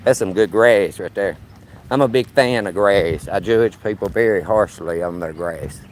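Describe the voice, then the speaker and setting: A man's voice: low-pitched, normal speed, a little hiss or hum. Folksy man in his fifties. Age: 50s. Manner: talks to his dog as he strolls, folksy and joking. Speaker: vlogger. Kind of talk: casual live-stream walking chat. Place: outdoors on a neighborhood street. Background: faint outdoor ambience.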